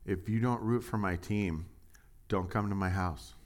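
A man preaching a relaxed, conversational sermon in a slightly low voice. He jokes, muses aloud and fires questions at the congregation. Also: measured pace. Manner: chatty and jokey, asks the audience questions. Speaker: pastor. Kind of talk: casual sermon and Bible study.

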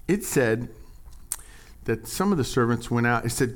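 A man preaching a sermon, animated and jokey, swinging from quiet asides to loud, high exclamations. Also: normal speed. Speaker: pastor.

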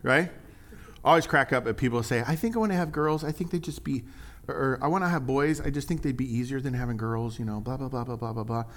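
A man preaching in an easygoing, conversational voice of ordinary pitch. He shifts energy often, leaning into lines for emphasis and then dropping back down. It sounds like a relaxed sermon to a congregation. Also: fast. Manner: conversational and animated, with acted-out quotes and laughs. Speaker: pastor.

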